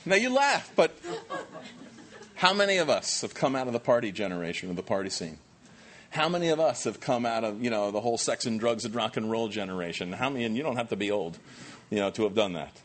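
A man preaching a sermon as pastor, animated and humorous, acting out voices. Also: medium pitch, brisk. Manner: animated, acts out quoted voices, self-deprecating humor.

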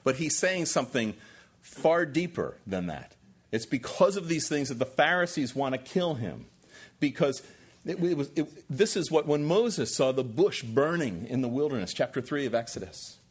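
A man's voice: medium pitch, expressive, normal speed, husky. A man in his sixties, a pastor preaching an earnest sermon and building emphasis through repeated phrases.

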